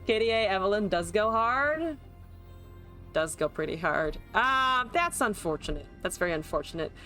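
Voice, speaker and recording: With faint music playing behind her, a young adult streamer offers lively commentary on her card game. Her medium-pitched voice moves at a normal speed as she swears, laughs and reads chat messages aloud to reply.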